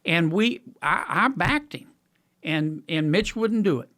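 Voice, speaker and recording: A man with a Louisiana Southern drawl, a guest chatting on a podcast with folksy dry wit and halting restarts. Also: high-pitched, animated, pushed and bright. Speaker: guest senator. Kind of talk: casual podcast conversation.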